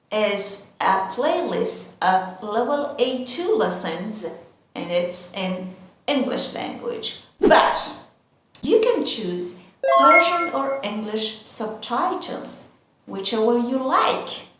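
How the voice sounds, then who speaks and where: A woman's voice: a little high, a bit bright, slight background noise. A woman teaching English vocabulary, saying each word carefully and then repeating it. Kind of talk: vocabulary lesson for learners. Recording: very echoey room.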